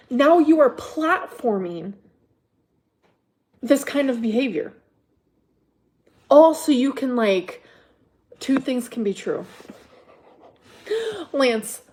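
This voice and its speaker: A woman's voice: high voice, expressive, takes it slowly, long pauses, darkish tone. A woman hosting a livestream, exasperated and defensive, swearing freely and hammering viewers with repeated rhetorical questions. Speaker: livestream host. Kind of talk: ranting livestream chat to viewers.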